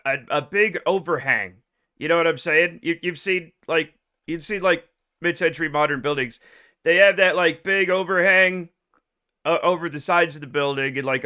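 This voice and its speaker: This American game streamer has a voice that sits high, with a sharp, clear and resonant tone. Talking casually with his viewers, he rambles, swears, jokes at his own expense and keeps restarting.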